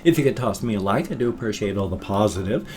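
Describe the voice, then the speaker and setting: A man in his fifties chatting casually to camera as a vlogger, with a playful habit of odd emphasis and drawn-out words. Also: lowish voice, animated. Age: 50s.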